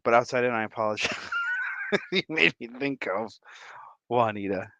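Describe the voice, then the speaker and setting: A man from Michigan hosting a livestream, giving goofy, playful shout-outs to his viewers. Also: medium pitch, wildly swooping pitch, dry recording, muffled recording. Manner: playful and goofy, drawn-out silly repetitions. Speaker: livestream host.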